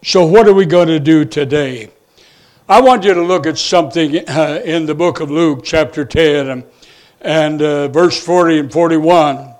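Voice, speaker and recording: A man's voice: a little high, a little mellow. A man preaching a sermon, retelling a story and stopping often on "and, uh" fillers. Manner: storytelling, halting with many "and, uh" fillers.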